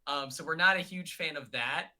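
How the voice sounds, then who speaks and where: A young man chatting casually on a livestream call. He rambles, filling gaps with "like" and "um". His voice is very bright and sits a bit high. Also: normal speed. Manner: chatty, rambling, many fillers. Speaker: guest.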